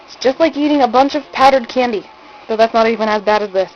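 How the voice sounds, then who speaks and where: A woman's voice: on the high side, fast, muffled recording, slight background noise. A young woman vlogging on her own camera, nervous and giggly, hesitating and stammering as she talks herself up. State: shaky from not eating. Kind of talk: casual self-recorded vlog.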